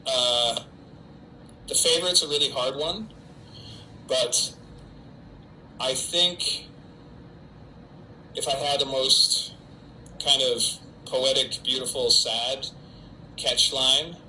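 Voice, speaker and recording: A middle-aged actor talks on a solo livestream from home during quarantine, self-mocking and chatty as he answers fans' typed questions for unseen viewers. His medium-pitched voice stays steady, bright and forceful, slow with long pauses. The low-quality audio has a little hiss or hum.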